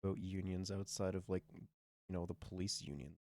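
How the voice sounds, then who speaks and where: A man chatting casually on a stream, halting and restarting as he talks. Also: low voice, fairly even intonation, mellow, no room sound, clean studio sound. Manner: halting, many fillers and restarts. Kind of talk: casual chat.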